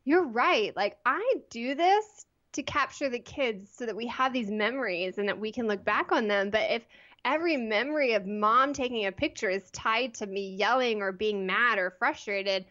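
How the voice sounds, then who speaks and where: Woman in her 30s, podcast guest, chatty storyteller, higher voice, kinda muffled audio. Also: normal speed. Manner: chatty, animated storytelling with frequent "like" and laughs. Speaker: guest, photography blogger. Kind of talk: casual interview storytelling.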